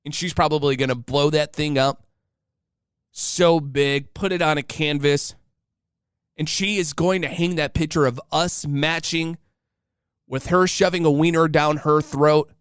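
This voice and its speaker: A man in his thirties spins a casual, joking story to his listeners, now and then slipping into voices. His voice is smooth and sits a little high for a man, recorded dry and close. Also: steady tone, unhurried, no room sound. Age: 30s. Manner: chatty and joking, acting out voices. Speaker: podcast host.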